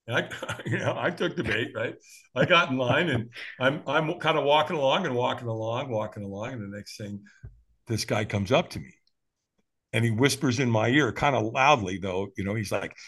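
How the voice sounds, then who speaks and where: A mid-range voice with a breathy edge, at normal speed: a U.S. firewalk instructor and podcast guest narrating a story animatedly in conversation, performing others' voices and chuckling often.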